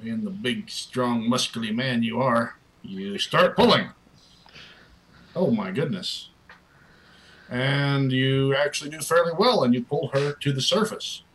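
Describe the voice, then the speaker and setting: A man's voice: medium pitch, a little slow, a bit bright, poor audio. A man narrating as dungeon master, casual and easygoing. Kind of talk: narrating a tabletop game.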